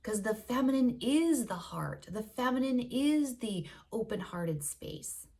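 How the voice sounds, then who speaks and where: A woman on a casual spiritual vlog who reads oracle cards, talking earnestly and gushingly, stretching out words she wants to savor, laughing softly and sometimes dropping to a whisper. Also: fairly high pitch, lively intonation, a little slow.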